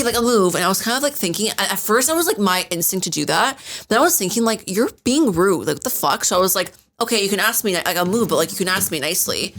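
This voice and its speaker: A woman's voice: lowish voice, fairly bright tone. A young woman co-hosting a podcast, telling stories animatedly and acting out the dialogue. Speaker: podcast co-host. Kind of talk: casual storytelling chat.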